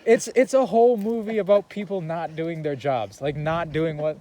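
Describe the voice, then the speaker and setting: A man's voice: a little high, moderate pace, dark tone, slight background noise, low-quality recording. A young man in casual chat, recapping a film in a rambling way, with lots of fillers and laughter.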